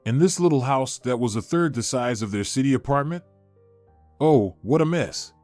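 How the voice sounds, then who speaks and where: A man's voice: medium pitch, moderate pace, dry recording, faint music behind. Man reading a story aloud. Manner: steady storytelling. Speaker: narrator. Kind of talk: scripted narration.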